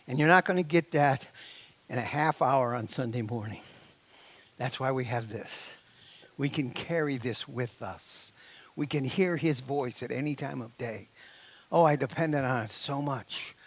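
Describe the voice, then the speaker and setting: A middle-aged man preaching a sermon as pastor, exclaiming and laughing, swinging between loud declarations and hushed asides. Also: medium pitch, unhurried.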